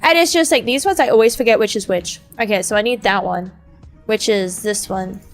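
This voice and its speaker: A woman's voice: medium pitch, brisk. A young woman chatting casually on a gaming stream, rambling and ranting with lots of swearing and fillers. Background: faint game music.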